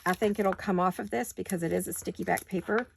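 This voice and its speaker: A woman's voice: lowish voice, fairly even intonation, quick pace, gravelly, a little hiss or hum. A middle-aged woman hosting a craft tutorial from her home studio, chatting and muttering asides to herself while she works, with the hiccups. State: has the hiccups. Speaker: craft video host.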